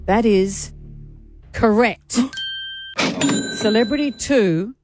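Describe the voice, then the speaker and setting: A woman co-hosting a radio show, running a contest with bright, laughing, teasing banter. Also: mid-range voice, expressive, measured pace, faint music behind. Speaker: radio co-host.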